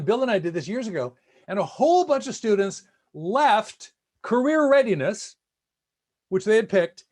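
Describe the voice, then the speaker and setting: A man giving an online lecture-style talk, telling stories and acting out the voices of students and parents. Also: high-pitched. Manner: animated storyteller acting out quoted voices. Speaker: speaker.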